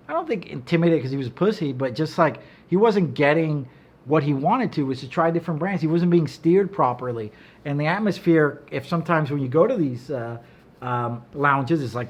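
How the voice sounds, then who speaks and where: A man's voice: a little high, expressive, brisk, fairly bright tone. A middle-aged man, a cigar maker, talking in a casual chat as a guest, blunt and profane, telling stories with animation. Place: office.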